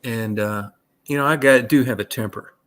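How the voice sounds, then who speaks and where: A man's voice: mid-range voice, moderate pace. A man telling rambling, profane anecdotes in a casual chat. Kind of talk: casual storytelling.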